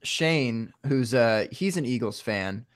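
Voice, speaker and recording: Halting man in casual sports chat. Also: mid-range voice, lively intonation. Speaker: podcast co-host.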